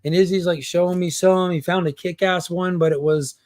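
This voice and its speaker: Animated man telling a con story. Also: sits high, a little fast, no room sound. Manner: animated, acts out quotes, haggling banter. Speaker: comic collector guest. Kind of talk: casual storytelling chat.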